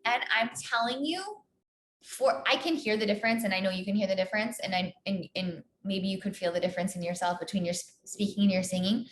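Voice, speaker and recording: A woman's voice: mid-range voice, quick pace, reverberant, soft background music, low-quality recording. A woman who teaches singing, running a live online Q&A lesson and talking in an encouraging, chatty way with many fillers and restarts.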